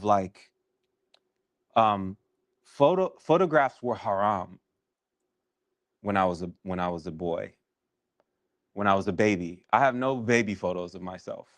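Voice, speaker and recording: Deep-voiced guy talking about his life, halting, lots of restarts, dry close sound. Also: no room sound. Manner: reflective, halting, many restarts. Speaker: writer-director leading a workshop session. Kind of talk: candid personal storytelling.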